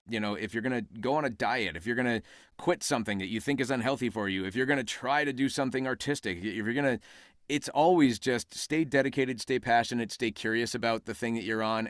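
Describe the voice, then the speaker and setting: A man's voice: medium pitch, dry recording, studio quality. A man being interviewed as a voice actor on a casual podcast, telling stories and acting out quoted exchanges. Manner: animated storyteller who acts out quoted exchanges. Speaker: voice actor guest.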